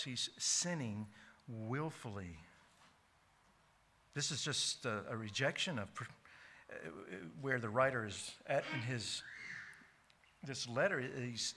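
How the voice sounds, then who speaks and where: Bright emphatic preacher man. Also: mid-range voice. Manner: emphatic, repeats key words slowly, frequent restarts. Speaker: pastor. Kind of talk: sermon. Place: church sanctuary.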